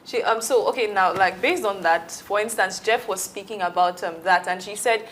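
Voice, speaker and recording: A woman's voice: mid-range voice, normal speed, a bit bright, a little hiss or hum, rough recording. A woman hosting a panel debate, moderating hesitantly with frequent fillers as she hands over to guests. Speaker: host.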